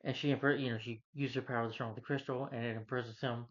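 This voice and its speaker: A man's voice: mid-range voice, steady tone, fast talker. A man recapping a movie plot in a casual, rambling way, with many fillers. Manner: rambling, frequent "you know" fillers. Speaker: movie reviewer. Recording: dull lo-fi recording.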